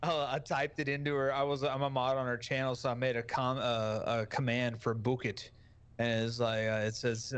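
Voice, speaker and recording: Man streamer, casual podcast chat, crude jokes, swears a lot, mid pitch. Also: little pitch movement, normal speed, fairly bright tone, clean tone. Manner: crude, jokey, swears often. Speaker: guest streamer.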